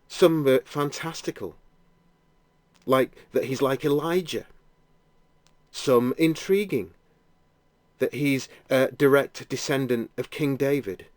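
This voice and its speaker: Slow, gentle man guiding a prayer. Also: mid-range voice, dry recording. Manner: slow, gentle second-person storytelling. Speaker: prayer guide. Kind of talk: guided imaginative prayer narration.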